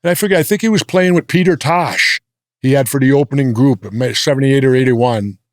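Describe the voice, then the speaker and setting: An older American man telling blunt, gruff stories in a sit-down interview. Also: mid-range voice, brisk, no echo, clean studio sound. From United States. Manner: gruff, blunt anecdotal storytelling. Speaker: interview guest. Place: indoor interview set.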